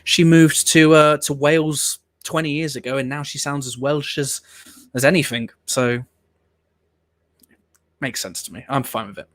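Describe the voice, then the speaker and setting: A man's voice: fairly high pitch, steady tone, normal speed, long pauses, dry recording. Man rambling through dry reaction commentary. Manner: rambling, opinionated, swears casually. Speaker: host of a watch-along show.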